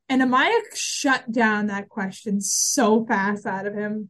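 A woman co-hosting a podcast, talking in a relaxed, chatty way. Her voice sits a little high, and she often trips over her words and starts her sentences again. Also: a little slow, hardly any pauses. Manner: chatty, frequent restarts and fillers. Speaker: podcast co-host. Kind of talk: casual chat recapping a TV episode.

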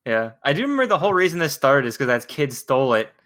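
Brief: male podcast host, bright forceful tone, joking questions to the panel. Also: medium pitch, big pitch swings, fast. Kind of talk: casual chat reviewing a cartoon episode.

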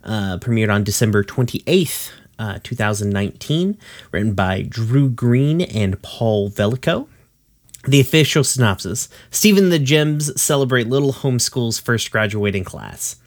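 A man summarizing a cartoon episode for a podcast in a loose, casual way. He drops curses and laughs as he narrates. His voice sits at an ordinary pitch. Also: animated, unhurried. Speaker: podcast co-host recapping episodes.

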